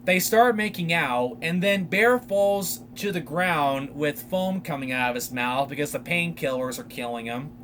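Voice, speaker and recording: Man, young adult, podcast host, lively swooping delivery, casual rambling film recap. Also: on the high side, unhurried, few pauses, slight background noise. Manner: animated, rambling retelling with many fillers.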